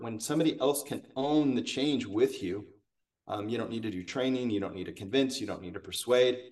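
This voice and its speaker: A male sales coach talking conversationally as a podcast guest, animated and full of stories. His voice has a middle pitch and sounds a little distant from the microphone. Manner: animated, acts out quotes. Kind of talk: conversational storytelling.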